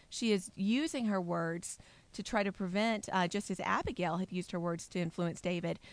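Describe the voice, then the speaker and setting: A woman's voice: mid-range voice, no echo. Woman, podcast co-host, casual Bible talk, playful, dry close sound. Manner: playful, laughs often. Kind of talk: casual chat about the Bible.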